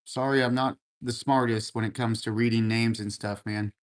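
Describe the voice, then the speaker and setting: Give me a relaxed man hosting a live chat stream, encouraging and casual, with a mid-range voice. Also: medium pitch, normal speed. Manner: laid-back, encouraging, says man and brother a lot. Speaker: livestream host. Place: room at home full of racing gear.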